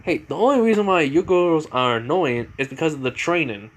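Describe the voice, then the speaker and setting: A man's voice: fairly high pitch, lively intonation, a little fast, pitched above the performer's own voice, lightly acted. A man voicing a cocky, joking teenage boy ninja in a fan-made story, teasing in an easygoing tone. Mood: casual.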